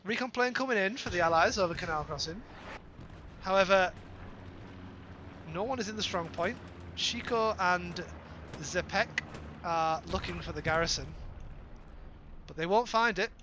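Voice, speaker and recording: A British man giving live play-by-play commentary on an online shooter match, playful, with joking asides and quick self-corrections. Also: high-pitched, noisy background. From Britain. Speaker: esports caster.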